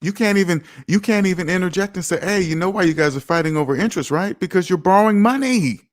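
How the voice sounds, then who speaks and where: Fast and high-voiced, a man hosts a finance livestream using a streaming mic. He sounds emphatic and self-assured, talking casually, reacting to viewer comments, and swinging sharply in loudness.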